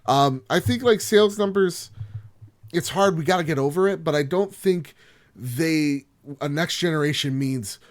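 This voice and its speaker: A man hosting a gaming podcast alone, joking and rambling as he swings from loud outbursts to quiet asides. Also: fairly high pitch, moderate pace. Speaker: podcast host. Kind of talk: solo podcast chat.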